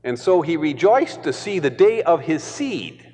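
A man preaching a sermon, stressing points through deliberate repetition. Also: on the high side, sing-song, darkish tone, big-room sound.

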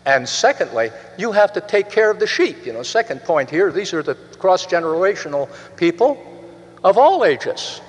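A man's voice: big pitch swings, moderate pace. Older male preacher, earnest and rambling, long hall reverb. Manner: earnest, rambling with restarts, pitch rising and falling widely. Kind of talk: sermon.

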